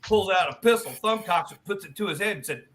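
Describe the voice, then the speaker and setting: A man hosting a live stream, telling long dirty jokes in an animated, profane way. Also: high voice, quick pace. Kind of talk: casual joke-telling.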